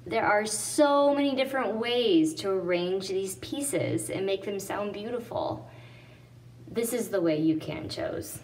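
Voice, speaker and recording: A woman's voice: medium pitch, expressive, unhurried, a little mellow. A woman teacher patiently explaining sentence writing step by step. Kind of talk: classroom explanation. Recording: distant mic with faint noise.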